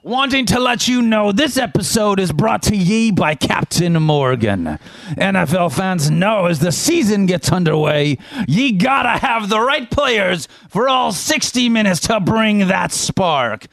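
A boisterous, jolly pirate captain, put on by a man, drawling his words and swinging his pitch up and down. His voice is gravelly and a bit high, and the sound is dry and close. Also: expressive, a little slow, a bit bright, no echo, full character voice. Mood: hammy. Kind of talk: comic ad read in character.

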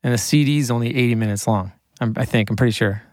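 A man with an ordinary mid-range voice tells studio anecdotes, his pitch jumping around as he acts out the people in them. The sound is dry and close on a studio mic. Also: fast, no echo. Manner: animated, full of "like", acts out the voices in his stories. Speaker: recording engineer. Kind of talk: casual storytelling.

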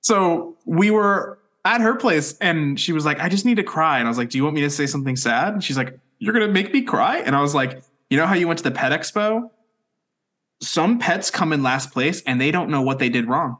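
A man's voice: on the high side, expressive, brisk, fairly bright tone. A young man in his twenties co-hosting a casual podcast, joking and swearing as he tells stories and recaps an episode. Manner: joking, profane, storytelling. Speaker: podcast co-host.

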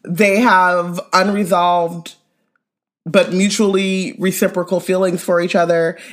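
A woman's voice: lowish voice, level tone, a little slow. A woman co-hosting a podcast in casual chat, emphatic and often laughing. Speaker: podcast co-host.

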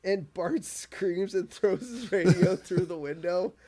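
A podcast co-host with a high voice and measured pace casually recaps a cartoon episode. He's animated, acting out quotes in put-on voices.

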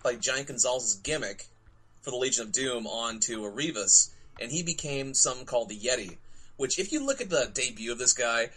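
A man co-hosting a podcast, recounting a story in an animated, amused way. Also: medium pitch, fairly quick, husky. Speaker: podcast co-host. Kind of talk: casual chat.

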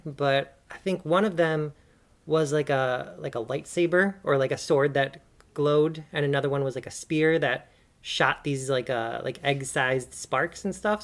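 A podcast co-host speaking at a mid pitch in a loose, rambling way. Sentences are packed with "like", and laughs come often. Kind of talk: casual chat.

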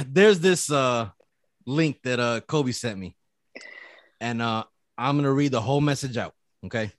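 A man's voice: medium pitch, animated, slow pace, pauses often, no room sound. Young man, podcast host, casual chat, laughing, swearing, dry sound. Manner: laughing while reading, swears freely. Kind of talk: casual chat, reading a text thread aloud.

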